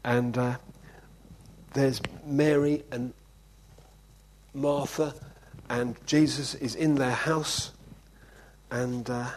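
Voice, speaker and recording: A man's voice: mid-range voice, fairly even intonation, drawn-out words, long pauses, a little hiss or hum, poor audio. A man preaching an informal sermon in a conversational way, often checking in with "okay?". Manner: conversational, keeps asking "okay?".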